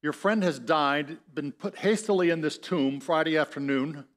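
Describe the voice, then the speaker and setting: A man's voice: on the high side, normal speed. A man preaching a sermon as pastor, telling the story in a conversational way and acting out the voices in it. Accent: Upper Midwest American. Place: church sanctuary.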